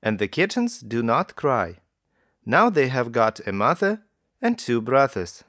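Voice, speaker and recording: Slow, lively-toned male narrator. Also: medium pitch, no room sound, studio quality. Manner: slow, careful reading with lively intonation. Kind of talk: slow narration for English learners.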